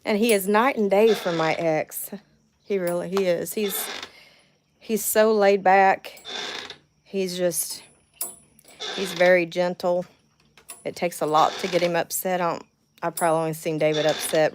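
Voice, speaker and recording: A woman's voice: lowish voice, level tone, moderate pace, noisy background. Nervous Southern woman chatting on a livestream. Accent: Southern US drawl. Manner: chatty, nervous, thanks viewers warmly by name. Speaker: livestream host. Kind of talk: casual livestream chat reading comments. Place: home, near a window with birds outside.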